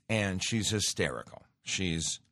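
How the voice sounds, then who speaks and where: Low-voiced man rambling in a studio. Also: slow, bright, forceful tone, no echo. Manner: rambling, conversational, with frequent restarts and filler. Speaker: talk show host. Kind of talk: casual radio monologue. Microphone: studio microphone.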